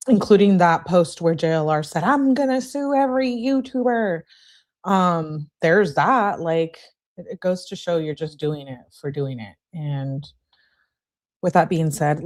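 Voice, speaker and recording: A woman's voice: on the low side, darkish tone. A woman hosting a casual livestream, chatting with her viewers and reading a news article aloud with frequent filler words. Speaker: livestream host.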